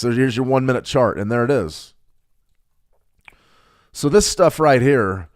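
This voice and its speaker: A man hosting a live market update, talking through charts in a rambling way with frequent stutters and restarts. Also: medium pitch. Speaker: market analyst host.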